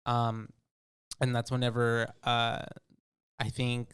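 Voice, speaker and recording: A man co-hosting a casual movie recap chat, laid-back and often trailing off into quiet mumbles, with sudden bursts when acting out characters. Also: medium pitch, monotone, takes it slowly, clean tone, no room sound. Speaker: podcast co-host.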